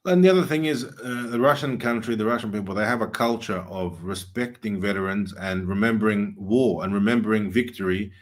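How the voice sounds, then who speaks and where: Low-voiced man hosting commentary. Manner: earnest, emphatic, frequent "uh" pauses. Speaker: host. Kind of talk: political commentary chat.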